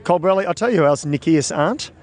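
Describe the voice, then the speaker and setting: Australian male co-host, slightly raised pitch, loose and joking. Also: expressive, quick pace, darkish tone. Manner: chatty, laughs often, teasing. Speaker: podcast co-host and cycling commentator. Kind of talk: casual chat.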